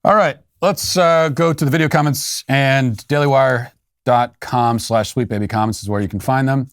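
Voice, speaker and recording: A man's voice: mid-range voice, steady tone, moderate pace, a little hiss or hum. A man hosting a commentary show, talking casually with sarcastic, wry asides. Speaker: podcast host.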